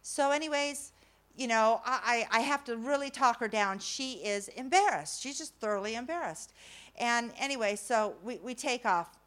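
A middle-aged woman with a slightly high voice spins a comic personal story for a crowd. She is animated and self-mocking, jumping from loud punchlines to hushed asides. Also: moderate pace. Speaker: speaker telling a story to an audience.

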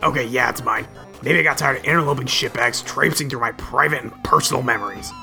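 A man's voice: mid-range voice, quick pace, creaky, pushed and bright, faint music behind, heavily acted. A man voicing an irritable, exasperated teenage troll boy while reading game dialogue. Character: grumpy shouty teen troll boy.

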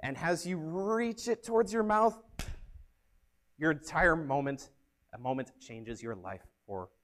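Upbeat, animated young youth pastor man. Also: a little high, measured pace. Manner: upbeat, energetic, animated storyteller. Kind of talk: youth sermon with storytelling.

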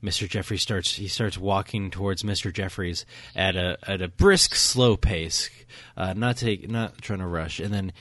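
A man's voice: low-pitched, steady tone, normal speed, hardly any pauses, a bit bright, no room sound. A man co-hosting a casual film podcast, retelling a scene with eager, filler-heavy enthusiasm. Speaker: podcast co-host. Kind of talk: casual film review chat.

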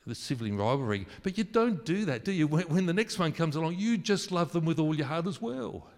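A man preaching a sermon, earnest and emphatic at times, then soft and intimate. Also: a little high, animated, a little fast, few pauses. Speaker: pastor. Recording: long hall reverb.

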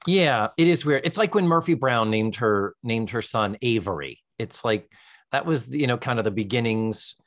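A man's voice: medium pitch, expressive, fairly bright tone, no echo, clean studio sound. Chatty man hosting a show chat. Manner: chatty, jokey, does quick voices of characters. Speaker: podcast host. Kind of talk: casual chat.

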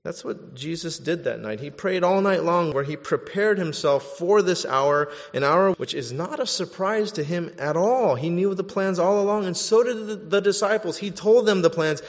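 A man preaching a sermon, animated, swinging between loud bursts and hushed stretches. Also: high voice. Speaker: pastor. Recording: dull sound with long hall reverb.

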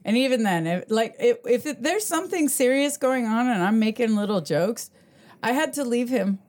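Podcast guest, woman, higher voice; animated storyteller who acts out quotes and curses freely. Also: normal speed. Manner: swears freely. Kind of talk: casual chat. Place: podcast studio.

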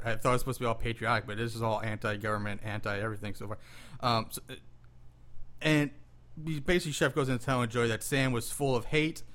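A man's voice: medium pitch, fairly bright tone. Easygoing man recapping a movie plot. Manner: conversational storyteller, wry and exasperated about the plot. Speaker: podcast co-host. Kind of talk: casual movie recap chat.

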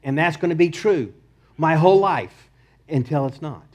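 High-voiced impassioned male preacher. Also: normal speed, darkish tone. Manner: impassioned, repeats key phrases, rises then drops to near murmur. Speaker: pastor. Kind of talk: sermon. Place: church.

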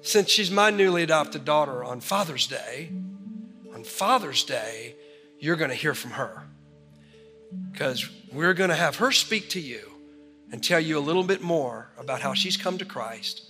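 A man preaching a sermon to a congregation, telling a story with animated delivery and then leading a prayer. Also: a little high, normal speed. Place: church sanctuary. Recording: large hall reverb with faint music.

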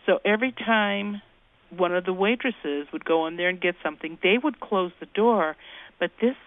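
A woman's voice: medium pitch, moderate pace, no echo. A woman guest telling folksy ghost anecdotes in an interview, acting out the voices she quotes, heard over a phone call. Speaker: guest, ghost-talking cookbook author. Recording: tinny phone line.

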